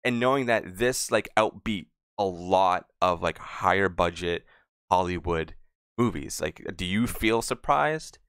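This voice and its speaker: A man's voice: deep voice, lively intonation, unhurried, a bit bright, smooth, no room sound, studio quality. A man hosting a podcast interview, asking long, casual, rambling questions. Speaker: podcast host.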